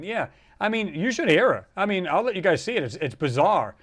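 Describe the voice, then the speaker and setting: A man with a slightly high-pitched voice talks in a loose, rambling way as he hosts a casual livestream. He reacts to viewer comments with animated asides and lots of filler words. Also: a little fast, hardly any pauses. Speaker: livestream host.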